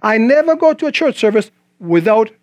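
A man's voice: high voice, sing-song, fairly quick, darkish tone, no room sound, lo-fi sound. A man preaching a sermon in a conversational way, quoting scripture and asking the congregation questions.

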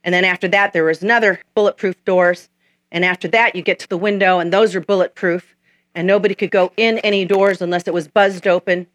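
A woman's voice: fairly low pitch, steady tone, a little fast. A woman preacher delivering a sermon, emphatic and repetitive as she tells stories.

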